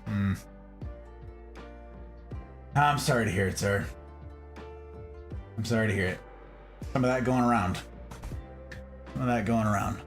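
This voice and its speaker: Lively man hosting a late-night stream. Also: fairly high pitch. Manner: playful, animated, talks straight to chat. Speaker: livestream host. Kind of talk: late-night casual chat with viewers.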